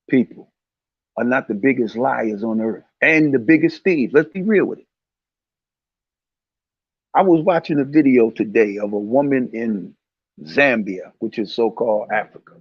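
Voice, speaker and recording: A man's voice: medium pitch, dry recording, lo-fi sound. A man hosting a casual religious commentary talk, speaking in a heated, preachy way and repeating his points.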